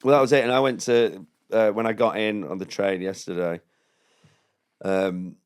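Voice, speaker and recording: A man chatting as a podcast guest, telling lively stories, laughing often and imitating other people. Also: lowish voice, moderate pace, clear, resonant tone. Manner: animated storyteller, laughs often, mimics others. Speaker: comedian guest. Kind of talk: casual chat.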